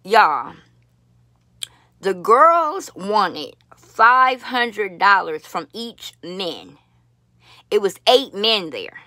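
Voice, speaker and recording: A woman talks straight to her viewers in a blunt, profane, animated way, with constant asides to her audience. Her voice is bright and forward, at a middle pitch for a woman. The sound is dry and close, with no room in it. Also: extremely slow, pauses often, no room sound. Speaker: vlogger. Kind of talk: casual storytelling to viewers. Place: lives in Las Vegas.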